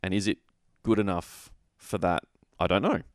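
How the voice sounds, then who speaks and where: A man with a very low voice talks through game rules in a loose, rambling way, restarting his sentences and weighing options aloud. He sounds opinionated but relaxed, as in casual hobby chat. The recording is dry and close, with no room sound. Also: normal speed, clear, resonant tone, no room sound. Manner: rambling, self-correcting, opinionated. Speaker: podcast co-host. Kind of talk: casual tabletop wargaming chat.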